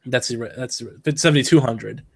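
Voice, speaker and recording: A man's voice: mid-range voice, brisk, creaky, breathy edge. A man co-hosting a casual podcast, with a nasal, congested voice because he is sick. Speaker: podcast co-host. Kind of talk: casual chat.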